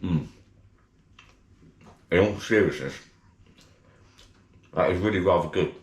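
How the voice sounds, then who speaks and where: Male vlogger, very low voice, jokey home-cooking chat in an echoey kitchen. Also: takes it slowly, long pauses. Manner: chatty, jokey, talks while eating. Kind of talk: casual cooking vlog. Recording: echoey room.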